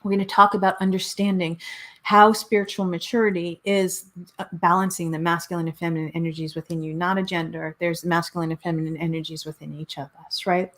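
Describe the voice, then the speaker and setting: A woman's voice: fairly low pitch, little pitch movement, a little fast, a bit bright. A middle-aged woman hosting a spiritual talk show, speaking earnestly and repeating phrases for emphasis. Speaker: host, spiritual coach. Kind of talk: motivational talk show monologue.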